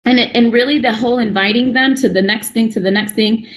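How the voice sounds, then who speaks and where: A woman's voice: fairly high pitch, fast talker. A young adult woman speaking at a real estate breakout session, chatty and full of restarts, acting out little conversations as she goes. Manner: chatty, fillers and restarts, acts out dialogue. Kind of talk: animated conference talk.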